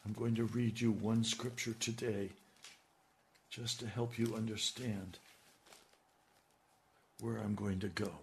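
A man's voice: lowish voice, flat delivery, takes it slowly, creaky, pauses often, slight background noise. A man preaching a sermon, building to emphatic, urgent appeals. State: hiccups. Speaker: radio preacher.

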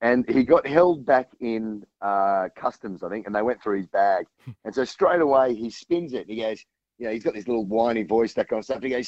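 A man's voice: mid-range voice, fairly quick, darkish tone, dry recording, highs cut off. A man talking rugby as a guest on a sports radio show, rambling with many restarts. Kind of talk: casual radio chat.

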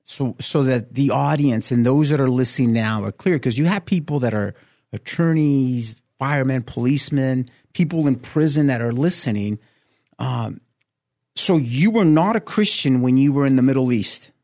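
A man's voice: medium pitch, moderate pace, darkish tone, no room sound, studio quality. Male podcast host asking questions. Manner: asks clarifying questions, short affirmations. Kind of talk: interview.

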